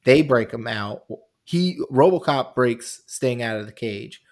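A man's voice: mid-range voice, expressive, unhurried, a little mellow. A man co-hosting a podcast, retelling events in a rambling, giggly way. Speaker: podcast co-host. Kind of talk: casual wrestling chat.

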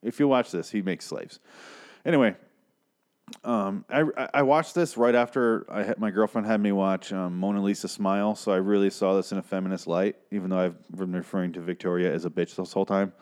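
A young man recapping a TV episode in a casual, rambling way. He swears freely, gets excitable and loses his train of thought. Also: deep voice, brisk. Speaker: podcast host recapping an episode.

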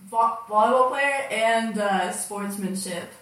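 A young woman, a guest, telling a story in a deadpan way. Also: a little high, slow pace. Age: young adult. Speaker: guest, daughter. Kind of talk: casual comedy chat. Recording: distant mic in echoey room.

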